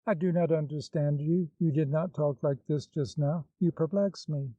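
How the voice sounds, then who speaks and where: A man's voice: on the high side, normal speed, no echo, lightly acted. A man reading the part of an anxious, devoted older woman with a pleading, fretful manner, in a dull, dry recording.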